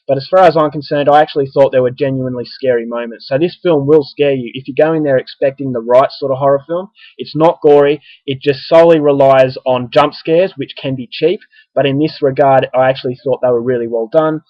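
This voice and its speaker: A man's voice: mid-range voice, steady tone, fairly quick, dry recording. Australian male film reviewer, casual chatty delivery, dry close sound, slightly muffled audio. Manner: conversational, frequent ums and restarts.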